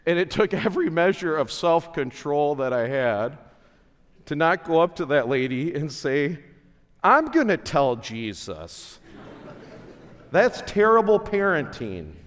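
A male pastor giving a chapel sermon at a school, speaking slowly and earnestly with relaxed conversational asides. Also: fairly high pitch. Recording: long hall reverb.

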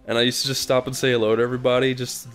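A man's voice: medium pitch, rapid-fire, clear, resonant tone, faint music behind. A man telling a story in a casual chat, acting out what each person said. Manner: animated, acts out quoted lines. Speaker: podcast regular.

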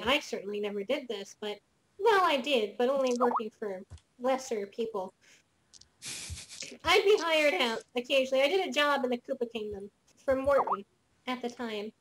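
A hunted male janitor informant spills secrets in hushed, urgent confessions, as a woman game master plays him. The voice sits fairly high for a woman. Faint noise hums behind the tabletop role-play. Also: expressive, moderate pace.

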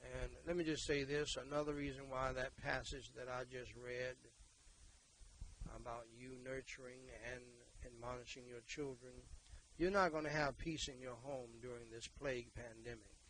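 A man, preaching a sermon and leading prayer, emphatic and repetitive, moving between loud exhortation and quiet talk. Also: medium pitch, steady tone, moderate pace, slight background noise, rough recording.

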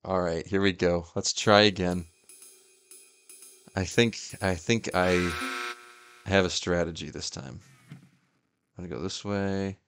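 A man's voice: low-pitched, slow, long pauses, faint music behind. A young man giving casual gameplay commentary, talking to the game and yelping and laughing at what happens. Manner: excitable, yelps and laughs at the game. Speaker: gaming YouTuber.

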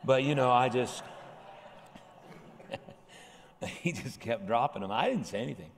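A male pastor telling a lively, humorous story from the pulpit in a large church sanctuary. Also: medium pitch, a little slow, vocal fry. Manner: animated anecdote with humorous asides. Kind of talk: storytelling sermon. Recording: long hall reverb.

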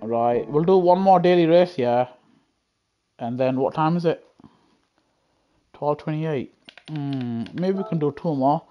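A man's voice: on the high side, unhurried, pauses often, dull audio. Man gaming on stream, slangy banter with chat, headset mic, faint music and engine noise behind. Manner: chatty, reacts loudly to the race, jokes with viewers in slang. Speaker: live-streaming sim racing gamer. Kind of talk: casual live-stream chat while racing.

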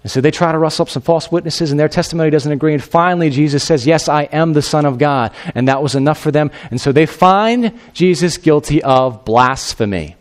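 A man's voice: fairly high pitch, fairly quick, few pauses. A male pastor retells a story in a conversational sermon. He speaks to the congregation directly, tosses in asides, and his voice climbs when he acts out the people in the story. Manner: animated, acts out the quoted figures in a raised voice.

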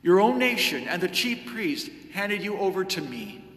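A man's voice: high-pitched, very animated, normal speed, a bit bright, exaggerated voice. A man voicing Pilate, a questioning Roman governor, in a solemn liturgical scripture reading recorded in a church. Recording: echoey church with long reverb.

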